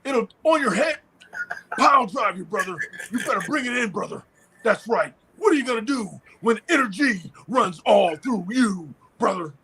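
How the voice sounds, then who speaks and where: A man putting on the voice of a boastful male pro wrestler who shouts and keeps calling the listener brother. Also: high-pitched, lively intonation, normal speed, slight background noise, voice pushed up, full character voice, poor audio. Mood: hyped. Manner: shouting, calls everyone brother.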